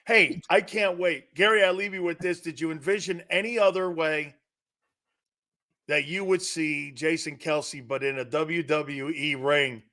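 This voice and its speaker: Brash mocking sports talk host, high bright voice. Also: male voice, fairly even intonation, measured pace. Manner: loud, mocking, laughing at his own jokes.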